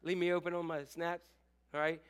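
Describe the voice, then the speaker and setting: A middle-aged male pastor preaching a sermon, animated and joking with the congregation, acting out quotes. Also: a little high, fairly quick, clear, resonant tone.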